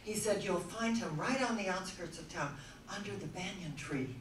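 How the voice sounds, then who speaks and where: A woman's voice: medium pitch, moderate pace. A woman speaker telling stories to a live audience and acting out the people in them. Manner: animated storyteller acting out quoted voices. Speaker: spiritual speaker. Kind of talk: storytelling talk to a live audience. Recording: roomy hall sound, voice from some distance, faint noise.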